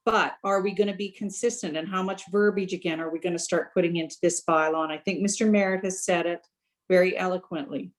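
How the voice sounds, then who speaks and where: A woman's voice: lowish voice, steady tone, quick pace, low-quality recording. A woman town councillor arguing her point firmly in a council meeting over a video call. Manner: firm, argumentative.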